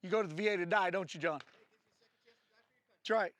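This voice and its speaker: A man's voice: sits high, brisk, fairly bright tone. A man working as a firearms instructor, explaining drills to his class with jokes and then barking short range commands. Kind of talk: live training-class instruction.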